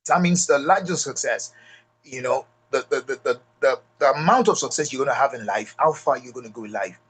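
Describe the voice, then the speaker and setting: A man's voice: mid-range voice, animated, fairly quick, fairly bright tone, breathy edge. A middle-aged man with a Nigerian accent gives an emphatic motivational talk at a leadership retreat, repeating key lines and speaking straight to the audience.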